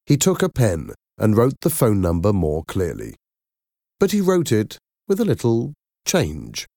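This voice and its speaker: A man narrating a storybook slowly and clearly, with an expressive delivery. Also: lowish voice, dry recording, clean studio sound. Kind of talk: storybook reading.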